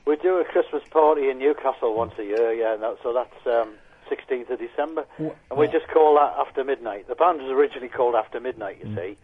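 A male band leader is interviewed over a telephone link. His voice is husky, and he talks in an unhurried, chatty way. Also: medium pitch, phone-quality sound. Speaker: guest musician. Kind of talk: phone interview.

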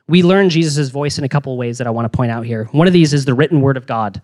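A young man giving a casual youth sermon, energetic and slangy, with frequent restarts and asides. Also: mid-range voice, fast talker, few pauses. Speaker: youth pastor.

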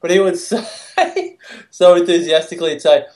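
A man's voice: high-pitched, big pitch swings, normal speed. A man, telling stories and laughing through them in casual podcast chat. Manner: warm storytelling, laughs while speaking. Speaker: podcast co-host.

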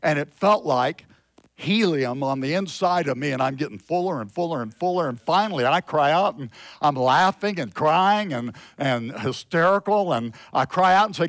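A man preaching a sermon, slow and emphatic, swinging from loud exclamations to hushed storytelling. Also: on the high side, lively intonation, dry recording. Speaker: pastor.

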